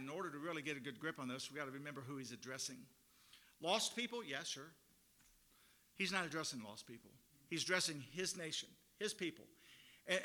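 A man's voice: sits high, pushed and bright. A middle-aged man preaching a sermon in a conversational, informal way, often restarting his sentences. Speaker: pastor.

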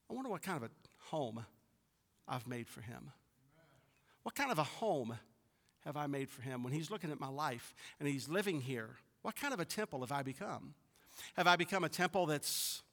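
Man preaching in a reverberant hall. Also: a little high. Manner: preaching with rising emphasis, then dropping soft. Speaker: pastor. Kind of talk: sermon. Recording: long reverb of a large hall.

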